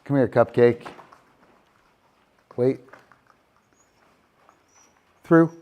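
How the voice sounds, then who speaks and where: Unhurried man training dogs on camera. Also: medium pitch, highs cut off, a little hiss or hum. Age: middle-aged. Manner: coaxes dogs with soft praise, then explains in a steady, unhurried way. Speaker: dog trainer. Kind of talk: live training demonstration.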